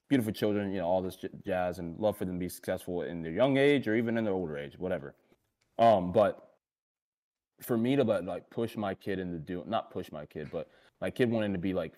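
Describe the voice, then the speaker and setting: A young man co-hosts a casual panel talk show, his voice sitting fairly low. He rambles through his points with plenty of fillers and restarts, and he gets giggly easily. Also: darkish tone. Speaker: podcast co-host.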